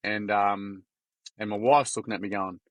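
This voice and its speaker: A man's voice: fairly low pitch, steady tone, moderate pace, dry recording, dull audio. A man in his forties with an Australian accent, a podcast guest telling candid stories in a casual, blunt way, peppered with swearing and slang. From Gold Coast, Queensland, Australia. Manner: blunt, swears freely, heavy on mate and like. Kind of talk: candid conversational storytelling.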